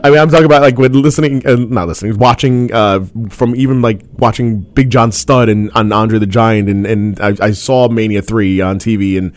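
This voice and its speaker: A man's voice: on the low side, steady tone, moderate pace, few pauses, no echo. A man co-hosting a casual wrestling podcast, rambling with many fillers and restarts and often breaking into laughter. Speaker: podcast co-host.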